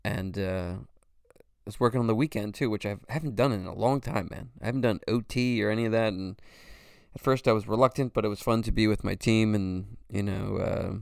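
Casual podcast host, male, 40s, smooth and dry-sounding, rambling and profane. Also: fairly low pitch, a little fast, darkish tone, no room sound. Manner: rambling, swears freely, says "you know" constantly. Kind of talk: casual solo monologue.

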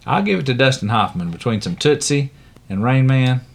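A man's voice: medium pitch, lively intonation, moderate pace, vocal fry. A middle-aged man co-hosting a casual podcast, chatty and joking with firm opinions. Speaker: podcast co-host.

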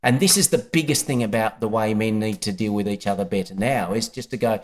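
A man's voice: on the low side, brisk, hardly any pauses. A man with an Australian accent hosting a podcast, matey and emphatic in casual conversation. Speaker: podcast host.

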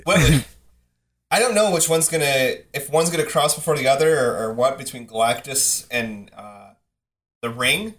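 A man's voice: medium pitch, normal speed, fairly bright tone. A man hosting a casual podcast, wry and self-mocking as he chats. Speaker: podcast host. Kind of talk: casual chat.

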